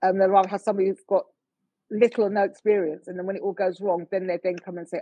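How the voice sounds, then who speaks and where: A middle-aged woman from the United Kingdom, a motorsport official, speaking as a guest in a conversational interview in an earnest, measured way with frequent fillers. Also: mid-range voice, level tone, dark tone, slightly rough, dry recording, muffled recording.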